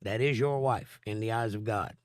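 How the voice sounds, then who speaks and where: A man's voice: fairly low pitch, moderate pace, no room sound, studio quality. A man with laryngitis hosting a live stream, reading viewer comments aloud and answering them with long Bible explanations. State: hoarse from laryngitis. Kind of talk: casual live-stream chat and Bible teaching.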